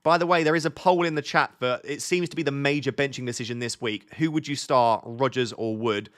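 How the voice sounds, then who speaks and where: A man's voice: mid-range voice, brisk. Chatty man live-streaming. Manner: chatty, reads viewer questions aloud and answers them. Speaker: fantasy football streamer. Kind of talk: casual live-stream chat.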